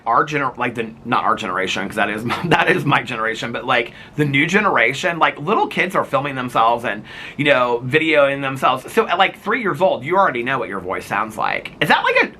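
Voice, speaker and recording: A middle-aged man chatting to his viewers in a bright, ringing voice that swoops up and down as he talks. He rambles along, leaning on "like" and "you know," and chuckles at his own stories. A faint hum of noise sits behind him. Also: medium pitch, fairly quick. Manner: animated storyteller who laughs at himself. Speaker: vlogger. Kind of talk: casual chat to camera.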